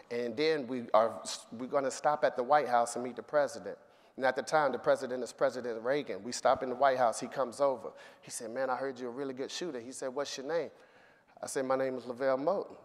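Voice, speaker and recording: A middle-aged man telling a personal story to an audience, acting out the voices of the people in it. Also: mid-range voice. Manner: animated storyteller, acts out voices. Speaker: speaker. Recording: long reverb of a hall.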